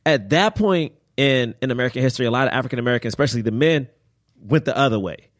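A man co-hosting a podcast, talking casually about a film with friends and getting animated as he goes. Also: fast talker, dry recording, studio quality. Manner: animated, jumps way up in pitch when excited. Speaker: podcast co-host.

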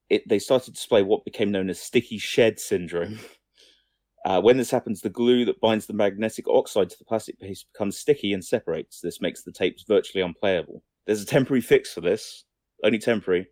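Rambling low-voiced podcast guy. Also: brisk, a little mellow, no room sound, clean studio sound. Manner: rambling, swears casually, trails off and restarts sentences. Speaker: podcast co-host. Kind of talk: casual film-news chat.

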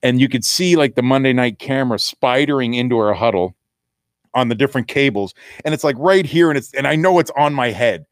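A man's voice: medium pitch, a little fast, no echo, clean studio sound. A middle-aged man, a former football player, telling a story in a casual interview and acting out the voices he quotes.

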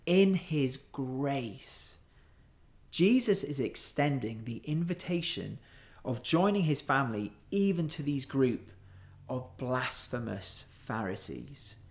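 A male preacher delivering a sermon at an unhurried pace. His pitch rises and falls widely as he leans into his points, earnestly and emphatically. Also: sing-song.

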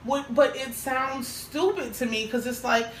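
A podcast co-host with a high voice speaks at an unhurried pace in casual chat. She's frank and crude, often laughing as she tells her stories. The sound is roomy, from a distant mic with a faint hiss.

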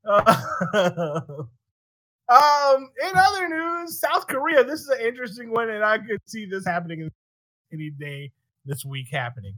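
A man hosting a podcast, chatting casually with a bright, forceful tone. He is animated, swears a lot and laughs between lines. The sound is dry and close. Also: very high-pitched, a little slow, no echo. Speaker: podcast host. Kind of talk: casual chat.

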